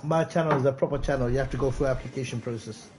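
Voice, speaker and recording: A man's voice: mid-range voice, rapid-fire, noisy background. A man streaming a game live, chatting casually and calling out viewers by name. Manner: excitable, calls out viewers by name. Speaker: gaming streamer.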